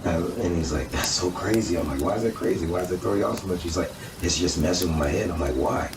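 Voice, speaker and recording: A man telling a casual personal story, animated and acting out quoted dialogue. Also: low-pitched, quick pace. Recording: echoey room, distant mic, noisy.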